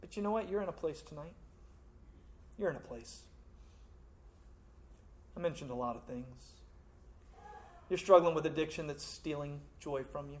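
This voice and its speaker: A man preaching a sermon as a pastor, talking conversationally and swinging between loud emphasis and hushed asides. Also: fairly high pitch, moderate pace, pauses often.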